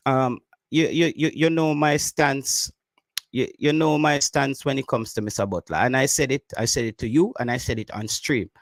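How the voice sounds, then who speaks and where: A man's voice: medium pitch, dry recording. Jamaican man chatting on a stream. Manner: reads viewer comments aloud, repeats himself, slips into patois. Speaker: live stream co-host. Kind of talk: casual live-stream chat.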